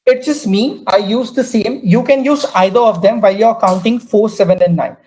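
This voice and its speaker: A woman teaching a language class, repeating each word slowly and drilling pronunciation. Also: medium pitch, mellow, poor audio. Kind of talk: slow, careful language lesson.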